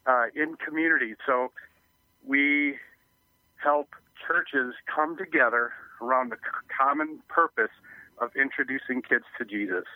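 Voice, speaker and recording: A man's voice: medium pitch, unhurried, no room sound. A man interviewed by phone as a youth ministry guest, explaining in an earnest way. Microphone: telephone. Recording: tinny phone line.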